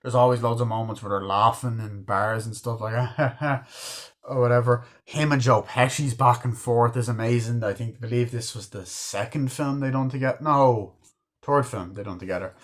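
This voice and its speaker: A man's voice: medium pitch, moderate pace. A man in his twenties casually reviewing a movie with rambling, profane enthusiasm. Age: 20s. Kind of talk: casual chat.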